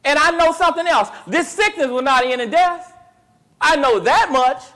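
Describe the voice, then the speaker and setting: In a Bible class, a male teacher with a very high voice and moderate pace asks his students call-and-response questions. He retells the story with colloquial, animated flair.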